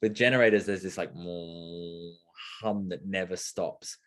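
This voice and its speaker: A man's voice: sits low, a little fast, a bit bright. A man speaking as a guest in a casual conversation, explaining things expressively and acting out little exchanges.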